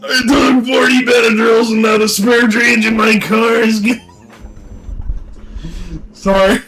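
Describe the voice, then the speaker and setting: A man doing an impression of a goofy young male cartoon slacker, whiny and yelling in a panic. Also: very high-pitched, flat delivery, slow, soft background music, exaggerated voice, rough recording. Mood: panicked.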